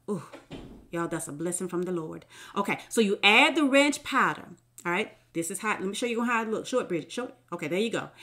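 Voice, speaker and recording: Home-cook mom, middle-aged, casual and folksy, mid-pitched, drifts into murmurs. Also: female voice. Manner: folksy, chatty, talks straight to viewers; often drops to a soft murmur. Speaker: home cook showing a recipe. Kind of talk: casual cooking demonstration.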